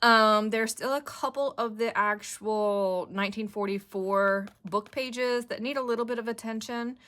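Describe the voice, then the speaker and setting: A woman's voice: a little high, steady tone, measured pace, a bit bright. A middle-aged woman hosting a craft video, chatting casually and thinking aloud as she works. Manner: chatty, giggly, thinks aloud while working. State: a bit winded.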